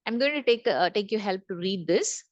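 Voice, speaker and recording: A woman's voice: medium pitch, expressive, normal speed, dry recording, lo-fi sound. A woman trainer leading an online session, repeating key points and asking the group questions. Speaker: corporate trainer. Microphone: video call.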